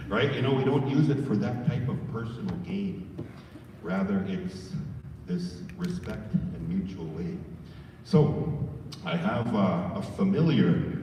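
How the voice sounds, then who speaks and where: A man's voice: lowish voice, expressive, a little slow, slight background noise. A man leads a staff training session in a large room, chatting folksy and direct with the crowd. His voice bounces around the hall with a long echo, picked up from a distance on a dull recording. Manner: folksy, addresses the audience as folks. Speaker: presenter. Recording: roomy hall, far mic, dull.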